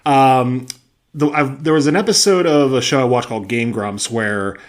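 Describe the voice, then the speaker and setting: A man's voice: medium pitch, moderate pace. A young man co-hosting a podcast, chatting casually with lots of fillers and laughs. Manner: rambling, filler-heavy, laughing. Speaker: podcast co-host.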